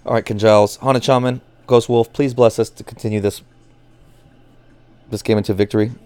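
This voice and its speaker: A man reacting live to a baseball game as a nervous fan, cursing, groaning and pleading with the pitcher. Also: steady tone, fairly quick, darkish tone, smooth, no room sound. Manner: anxious, profane, swings from groans to outbursts.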